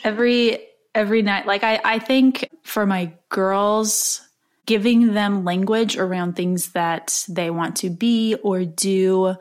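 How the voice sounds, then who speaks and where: A woman's voice: medium pitch, fairly even intonation. Earnest woman guest on a podcast. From United States. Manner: earnest, emphatic, quick-talking. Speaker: podcast guest, strength coach. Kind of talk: casual conversation.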